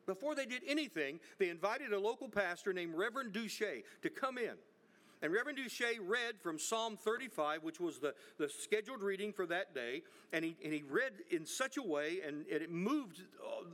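A middle-aged preacher with a fairly high voice delivers a sermon as a story. He often repeats words and restarts his sentences as he goes. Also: a bit bright.

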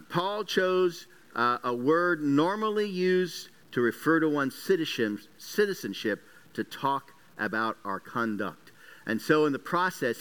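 A man delivers a sermon-style Bible lesson, stopping often with filler sounds as he walks through Greek word meanings. His voice is bright and forceful and comes across smooth and clear. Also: mid-range voice. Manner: teaching, many uh fillers, recaps and explains Greek words. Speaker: Bible teacher.

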